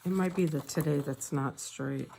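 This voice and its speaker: A woman chatting casually while decorating her planner, telling a story with soft asides. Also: low-pitched, moderate pace, creaky, slight background noise. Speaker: planner vlogger. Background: faint paper crinkling and sticker sounds.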